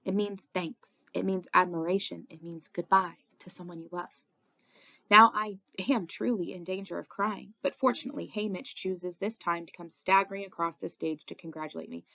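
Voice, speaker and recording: A woman narrates a novel in the first person with a low voice and a gravelly edge. Her reading is expressive and dramatic, and the recording sounds dull and lo-fi. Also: moderate pace. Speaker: audiobook reader. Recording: dull lo-fi audio.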